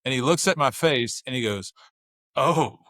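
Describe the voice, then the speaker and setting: A man in casual podcast conversation, spinning family anecdotes and slipping into the voices of his wife and children as he goes. His pitch sits in the middle for a man, and the sound is dry and close with no room around it. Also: a little fast, no echo. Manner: animated storyteller, acts out family dialogue. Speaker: podcast guest. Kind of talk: casual chat.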